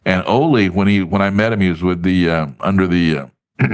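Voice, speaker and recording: A man with a very deep, low-set voice tells stories as a guest on a podcast. He is casual and animated, and he slips into other people's voices when he quotes them. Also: normal speed, clear, resonant tone. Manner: animated storyteller who acts out quoted voices. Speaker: podcast guest, business advocate. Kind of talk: casual storytelling in an interview.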